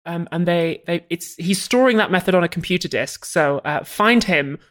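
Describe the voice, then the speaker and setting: A man's voice: high-pitched, animated, normal speed, a bit bright. A man co-hosting a casual film discussion podcast, chatty, explaining plot points at length. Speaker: podcast co-host.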